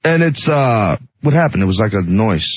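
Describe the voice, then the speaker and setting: Man, radio guest, teasing, husky voice, muffled broadcast. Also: fairly low pitch, big pitch swings, moderate pace. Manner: teasing, wisecracking. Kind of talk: casual radio banter.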